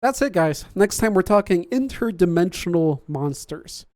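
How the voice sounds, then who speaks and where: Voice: medium pitch, animated, normal speed, a little mellow, no room sound, clean studio sound. A podcast host chatting casually on a livestream, reading viewer comments aloud, laughing often and joking about their own slips.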